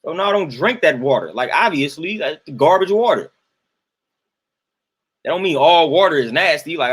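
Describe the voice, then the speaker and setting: A young man hosts a live-stream rant, replying to his chat with exasperation and emphasis and repeating himself for effect. His voice is a little high, animated, husky and fairly bright, at a moderate pace with frequent pauses.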